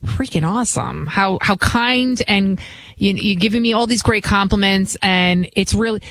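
A woman's voice: mid-range voice, normal speed, a bit bright. A woman from the Bronx with a New York accent, hosting a talk radio show in a chatty, rambling, emphatic monologue. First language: not English. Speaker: guest radio host.

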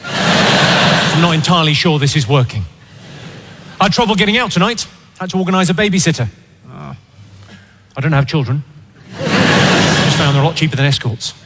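A male stand-up comedian delivering dry, deadpan one-liners. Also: on the high side, moderate pace, long pauses. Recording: loud crowd and noise.

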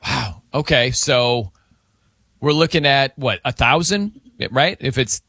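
A man's voice: medium pitch, slow pace, no room sound, studio quality. A man hosting a late-night radio show in a casual, jokey chat, often acting out the people in his stories. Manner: animated, jokey, puts on voices when retelling.

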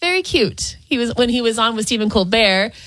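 Radio gal doing showbiz news, kinda high voice, dry close sound, chatty. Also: female voice, fairly even intonation, a bit bright, no echo. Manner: chatty, quick to laugh. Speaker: entertainment news reporter on a radio show. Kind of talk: radio entertainment headlines.

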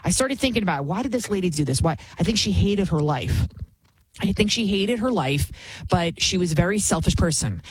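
A woman's voice: fairly low pitch, lively intonation, brisk, breathy edge, rough recording. A woman hosting a talk show, giving indignant, emphatic commentary and often repeating phrases for effect. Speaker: show host. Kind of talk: opinionated commentary.

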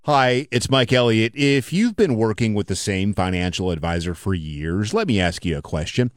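A man's voice: fairly low pitch, animated, normal speed, no room sound, studio quality. A man giving an earnest, direct radio endorsement for a financial service. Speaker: ad spokesman.

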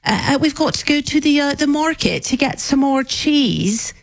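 Woman doing a bumbling countryman, broad rural West Country accent, high-pitched, cheery, stammering. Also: lively intonation, moderate pace, creaky. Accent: broad rural West Country English. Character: cheery middle-aged English countryside man.

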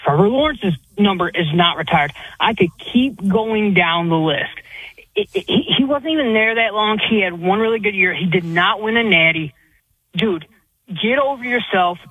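A man's voice: sits high, lively intonation, normal speed, husky, dry recording. A man calling in to a sports radio show, emphatic and ranting. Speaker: caller. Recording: tinny phone line.

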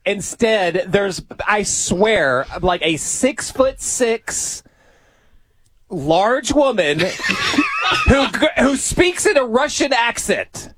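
A man's voice: very high voice, huge pitch swings, extremely slow, fairly bright tone, husky, dry recording. A man telling a story in casual banter as a co-host, laughing often.

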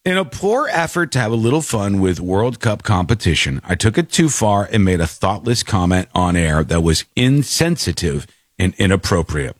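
Male host, lively scornful rant, dry close sound. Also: deep voice, normal speed, no room sound. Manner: animated, scornful ranting. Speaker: show host. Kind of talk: opinionated commentary.

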